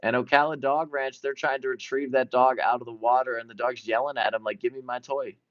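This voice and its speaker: Male commentator, excited live play-by-play, mid-pitched, dry and dull lo-fi sound. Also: brisk, no room sound. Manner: excited, jumping between events. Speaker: sports commentator.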